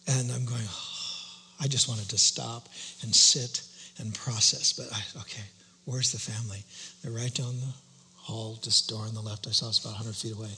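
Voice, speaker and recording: A middle-aged male pastor telling a personal story in a sermon, shifting between loud outbursts and hushed whispers. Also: fairly low pitch, fairly even intonation, moderate pace. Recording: long hall reverb, faint hum.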